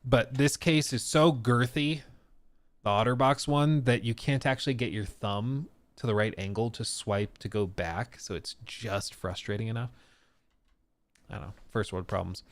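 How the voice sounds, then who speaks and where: A man's voice: medium pitch, normal speed, no echo. A man hosting a live stream, chatting casually and laughing often. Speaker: streamer host.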